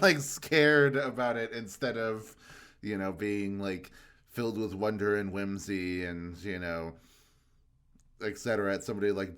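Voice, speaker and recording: Rambling low-voiced young man. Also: fairly bright tone. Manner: rambling, many fillers, easy laughs. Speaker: podcast co-host. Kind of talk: casual chat.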